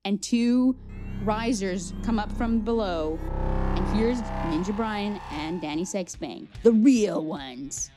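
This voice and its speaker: A woman's voice: medium pitch, slow pace, over music. A woman improvising a comedic story, eagerly asking questions and adding details.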